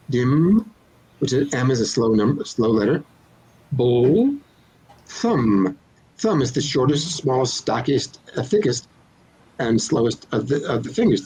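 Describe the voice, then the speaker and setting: A man's voice: mid-range voice, darkish tone, breathy edge, low-quality recording. An older man, a children's author being interviewed, explaining his craft in a thoughtful, playful way with examples. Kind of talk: relaxed interview answers.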